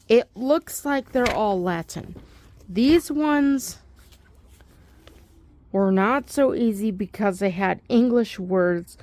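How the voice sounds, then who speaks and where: A woman's voice: medium pitch, expressive, slow pace, a little mellow, a little hiss or hum. A young woman giving a casual, rambling study update, thinking aloud with fillers and little laughs. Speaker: homeschool student.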